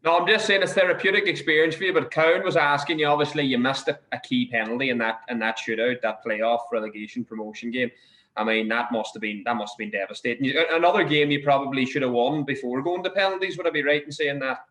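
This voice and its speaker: A man's voice: medium pitch, fast talker, fairly bright tone. A man co-hosting a podcast, asking the guest long, winding questions in a casual interview. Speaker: podcast co-host.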